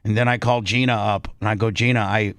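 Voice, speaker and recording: A man's voice: lowish voice, steady tone, quick pace, no echo. A male radio host telling a story in a brash, profane way, acting out both sides of an argument. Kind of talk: casual storytelling on talk radio.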